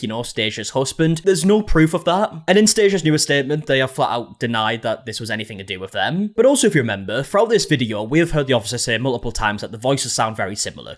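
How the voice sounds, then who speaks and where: A man hosting an online drama commentary, recapping events and reading comments aloud in a conversational way. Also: mid-range voice. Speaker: commentary host.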